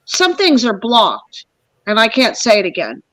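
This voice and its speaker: A woman quoting a slow, calm drifter man. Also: on the high side, full character voice.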